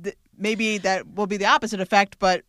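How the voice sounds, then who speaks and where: A woman's voice: mid-range voice, fairly even intonation, brisk, a bit bright, no room sound. Musing woman co-host, dry sound. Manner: thoughtful, speculative, frequent fillers. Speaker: podcast co-host. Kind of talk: casual chat.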